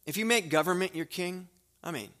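A middle-aged man preaching a sermon as pastor, talking straight to his congregation and swinging from hushed asides to loud, emphatic declarations in a church sanctuary. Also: high voice, a little fast. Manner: conversational, direct address to the congregation.

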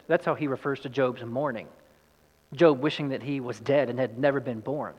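A man's voice: mid-range voice, fairly even intonation, normal speed, darkish tone, muffled recording. Man preaching in a reverberant hall. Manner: reads scripture aloud and paraphrases it in dramatic voices. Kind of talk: sermon.

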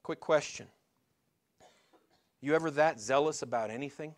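A middle-aged male pastor giving a sermon in a conversational way, asking the congregation questions and slowing down to stress key lines. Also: a little high. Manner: conversational preaching with rhetorical questions and slowed emphatic lines.

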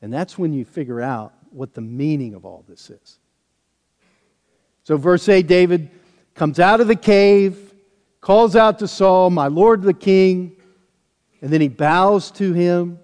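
A man's voice: high-pitched, slow, long pauses, a little mellow. A man preaching a sermon, walking through a Bible passage with self-deprecating asides. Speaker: pastor. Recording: long hall reverb.

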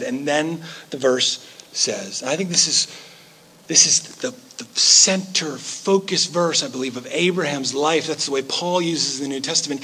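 A man's voice: fairly high pitch, normal speed, bright, forceful tone, breathy edge. A middle-aged male pastor giving a sermon in a conversational way, with playful asides mixed into the teaching.

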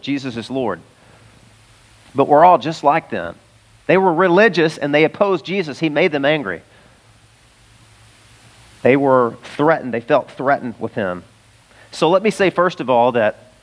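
Higher-voiced man preaching an emphatic sermon. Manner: conversational, emphatic, laughs mid-sentence. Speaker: pastor.

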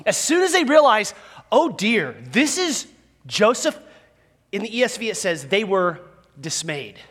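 A man preaching a sermon as a pastor in a church, conversational and animated, with self-deprecating humor. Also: high voice. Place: church sanctuary with a live audience. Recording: long reverb of a large hall.

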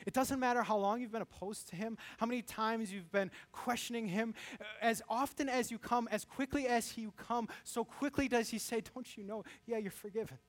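Male preacher with a high voice, animated sermon delivery that slips into quoted voices. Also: normal speed. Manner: animated, acts out quoted voices with rising pitch. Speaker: pastor.

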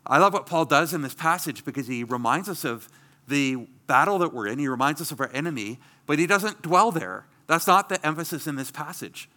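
A man's voice: fairly high pitch, sharp tone. A middle-aged man preaching a sermon as pastor, earnest and emphatic, asking rhetorical questions.

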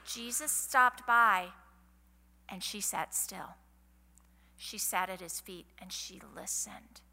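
A woman's voice: medium pitch, slow pace, sharp tone. A middle-aged woman, giving a folksy, chatty sermon at a women's conference and asking the audience questions. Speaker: conference speaker. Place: large hall. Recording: hall reverb from a live event.

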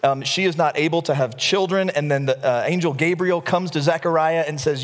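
A man preaching a sermon as pastor, talking in a relaxed, conversational way and acting out little scenes as he tells them. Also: fairly high pitch, a little fast. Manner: conversational, animated storytelling with acted asides. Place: church sanctuary. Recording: long reverb of a church hall.

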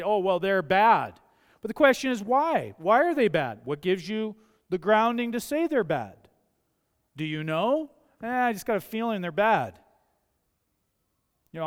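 A man preaches from the pulpit, talking in a chatty way and leaning into his key points. His voice sits high and is clear and smooth. The church livestream carries a long, ringing hall reverb. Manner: conversational, anecdotal preaching with rising emphasis. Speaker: pastor. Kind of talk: sermon. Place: church sanctuary.

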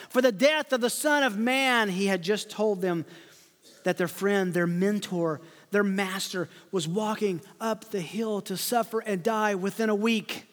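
A man preaching an expository sermon as pastor, swinging between loud rhetorical questions and hushed asides. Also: high voice, big-room sound.

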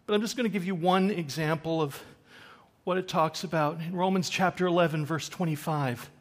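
A man preaching a sermon, swinging from loud, emphatic scripture reading to quiet, conversational asides to the congregation. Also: a little high, moderate pace. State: choked up with emotion.

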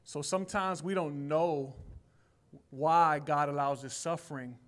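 Man in his forties giving an earnest church testimony, plain-spoken, rising to conviction, slightly high-pitched. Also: unhurried. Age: 40s. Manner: heartfelt, casual street speech, grows emphatic. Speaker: church member sharing a testimony. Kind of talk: personal testimony.

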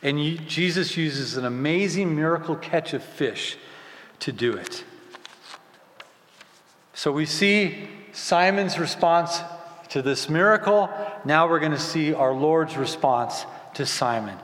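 A man preaching a sermon as pastor, swinging from loud emphasis to hushed, quiet lines. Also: fairly high pitch, animated, slow. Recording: echoey hall with long reverb.

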